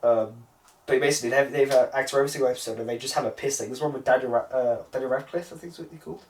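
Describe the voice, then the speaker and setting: Rapid-fire and steady at a medium pitch, this man co-hosts a laid-back podcast about films, rambling and cursing often as he recounts scenes. The mic is distant and roomy, with slight background noise.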